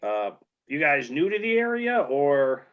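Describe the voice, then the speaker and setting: A man's voice: a little high, very animated, measured pace. A man playing a friendly small-town bartender who talks in a rambling, hesitant, welcoming way, on dull lo-fi audio.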